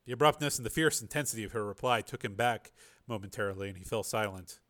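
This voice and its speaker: A man narrating a thriller audiobook in an expressive, dramatic way. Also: lowish voice, fast. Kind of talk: scripted narration.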